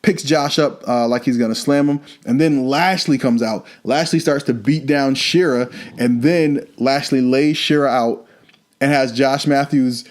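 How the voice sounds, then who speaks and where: A man's voice: mid-range voice, unhurried. A man hosting a wrestling podcast, casually recapping a show in a loose, chatty way with lots of fillers and asides.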